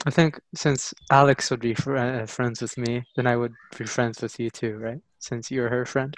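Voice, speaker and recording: A teenager co-hosting a casual podcast, hesitant at times and teasing in a deadpan way. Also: medium pitch, normal speed, poor audio. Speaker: podcast co-host. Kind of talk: casual chat among friends.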